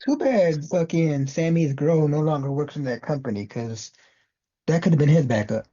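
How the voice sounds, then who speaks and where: A podcast co-host drops blunt, profane asides into a casual wrestling chat. The voice is dark and mellow at a middling pitch, heard a little off-mic in a dull, lo-fi recording. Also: animated, moderate pace. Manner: blunt, profane side comments.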